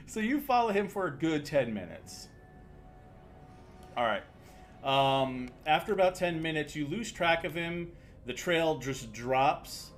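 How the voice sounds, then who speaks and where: A man runs a tabletop game as dungeon master, his fairly high voice swinging up and down as he narrates. He halts often with fillers and slips into laughter, with faint music behind. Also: big pitch swings, measured pace.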